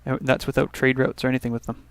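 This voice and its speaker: A man's voice: mid-range voice, monotone, quick pace, clear, resonant tone, dry recording. A man from Canada hosting a let's play, casually thinking aloud through his turns with restarts and little asides. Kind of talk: casual gameplay commentary.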